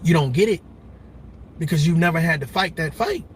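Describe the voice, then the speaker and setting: A man's voice: on the high side, animated, fairly quick, a little hiss or hum. A middle-aged man giving a passionate, preacher-like commentary monologue, emphatic and repetitive. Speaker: commentary vlogger.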